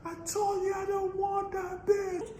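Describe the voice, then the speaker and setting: A woman's voice: extremely high pitch, completely flat delivery, a little slow, dark tone, shouting, a little hiss or hum, pitched above the performer's own voice. A woman putting on the voice of an insistent young man who keeps protesting that he doesn't want his ex. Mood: pleading. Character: young man pleading, dismissive of ex. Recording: roomy echo.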